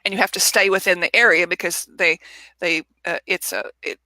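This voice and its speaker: A woman guest in a casual interview, telling a personal story in an animated way and acting out the people she quotes, over a video call. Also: fairly low pitch, brisk, no room sound. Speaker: author and guest.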